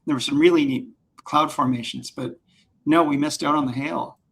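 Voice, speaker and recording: A man's voice: on the high side, steady tone, normal speed, gravelly, breathy edge, rough recording. A man who works as a realtor, chatting on a panel in a jokey, upbeat way. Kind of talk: casual panel chat.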